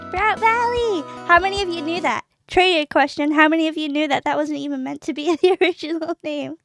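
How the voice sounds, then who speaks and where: Young female streamer, bubbly and emotional; high voice with some fry, dry close sound. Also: fast, soft background music. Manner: giggly, excitable, emotional. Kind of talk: casual live-stream chat.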